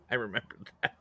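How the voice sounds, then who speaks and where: Bright-voiced laughing male ghost-hunt host. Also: slight background noise. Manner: laughs often, acts out quotes. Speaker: paranormal podcast host. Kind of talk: casual banter, storytelling.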